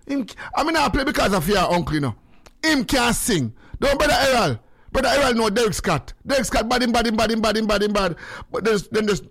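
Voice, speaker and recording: A man's voice: a little high, dry recording, studio quality. An older man in his sixties with a Jamaican accent, hosting a radio show in rambling, jokey casual chat. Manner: rambling, jokey, repeats phrases. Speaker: radio host.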